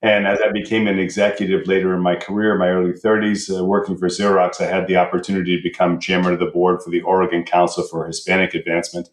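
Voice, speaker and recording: A middle-aged man with a Basque Spanish accent answers as a podcast guest. His voice is low and he talks quickly in a composed, articulate way, in an echoey room. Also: level tone. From United States. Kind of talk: podcast interview.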